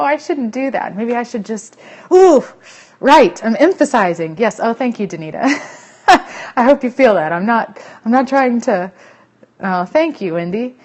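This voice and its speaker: A woman, chatting emphatically to viewers on a casual live stream as a network marketing team leader. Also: medium pitch.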